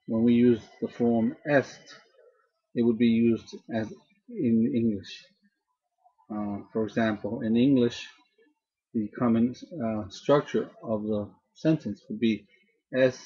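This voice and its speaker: A man teaches a grammar lesson at a very unhurried pace, saying each word twice so students can copy it. His voice is slightly husky. The sound is dull and lo-fi, like a built-in webcam mic. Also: medium pitch, mellow. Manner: slow, repeats each word to drill pronunciation. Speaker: language teacher. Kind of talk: slow spoken grammar lesson.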